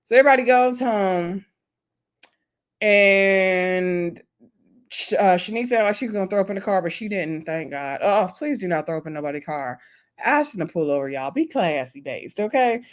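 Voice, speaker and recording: A woman vlogger giving a casual, animated recap of a reality show, acting out quotes and laughing often. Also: mid-range voice, moderate pace.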